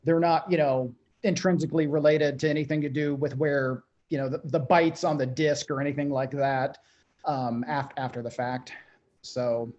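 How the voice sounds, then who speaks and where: A man, a software developer, explaining code structure in a meeting in a soft voice that often trails off. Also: fairly high pitch, fairly even intonation, normal speed. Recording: dull lo-fi call audio.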